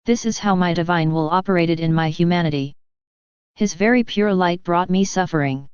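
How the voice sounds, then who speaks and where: Gentle loving jesus speaking slow and solemn, a woman reading him, smooth low-ish voice, dull dry recording. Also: no echo, close to an everyday voice. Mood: tender solemn. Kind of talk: devotional reading.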